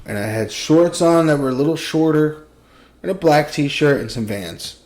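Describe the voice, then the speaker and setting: Profane, animated young man riffing on a podcast. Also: fairly high pitch, moderate pace. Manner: profane, rambling, joking rants. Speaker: podcast co-host. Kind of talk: casual podcast chat.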